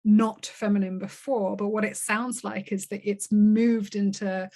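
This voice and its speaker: A woman's voice: mid-range voice, level tone, unhurried, darkish tone. A woman hosting a podcast interview, reflective and affirming, often murmuring agreement as her guest talks. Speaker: podcast host. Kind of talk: conversational interview.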